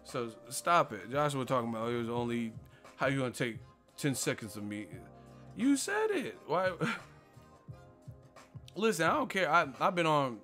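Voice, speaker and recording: A male boxing channel host rants on a live stream in a mid-pitched voice, full of slang and profanity. He tells stories and analogies with animated energy, and faint music plays behind him. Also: normal speed, pauses often.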